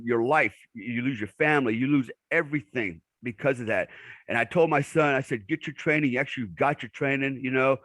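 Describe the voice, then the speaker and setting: A man's voice: mid-range voice, fairly bright tone, no echo. A middle-aged man, a military veteran guest in an interview, telling blunt stories with many filler words. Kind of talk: conversational interview.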